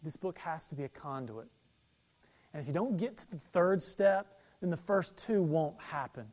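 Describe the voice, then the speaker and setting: A man's voice: a little high, animated, moderate pace, darkish tone. A male pastor preaching a sermon, emphatic, reading Bible verses aloud and repeating his key points.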